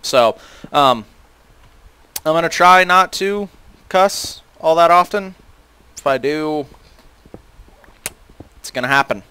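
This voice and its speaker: A man's voice: a little high, animated, takes it slowly, pauses often, pushed and bright, clean tone. A teenage boy casually commentating a video game, rambling with many fillers and self-deprecating asides. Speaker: gaming channel host.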